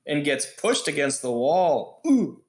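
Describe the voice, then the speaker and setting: A man narrating a tabletop game as game master, slow and drawn out in his descriptions. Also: mid-range voice, lively intonation, a bit bright, echoey room.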